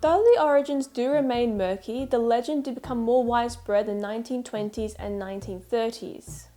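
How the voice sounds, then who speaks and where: A woman's voice: fairly high pitch, mellow. A woman with a Melbourne Australian accent giving mock-serious documentary narration, playful and full of asides. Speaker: video creator.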